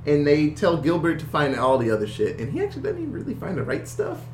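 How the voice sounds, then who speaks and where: A woman's voice: deep voice, wildly swooping pitch, fast, darkish tone. A woman recapping a movie plot in casual chat, laughing often and adding profane asides. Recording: echoey room with faint hum.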